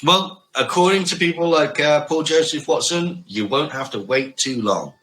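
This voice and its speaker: A man's voice: fairly high pitch, moderate pace, a bit bright, a little hiss or hum, poor audio. A man co-hosting a podcast, explaining things in casual chat with sarcastic, wry asides. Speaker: podcast co-host.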